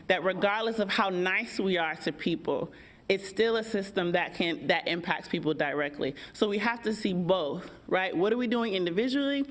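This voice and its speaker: An American woman, a workshop facilitator, speaking on a panel in an engaging, conversational way and asking the audience questions. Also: medium pitch. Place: event hall.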